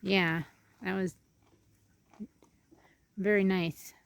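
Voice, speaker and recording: Very slowly and in a creaky, steady voice, a homestead vlogger leads a relaxed outdoor tour of her farm, chatting along and cooing to her animals in a higher register. Slight background noise is present.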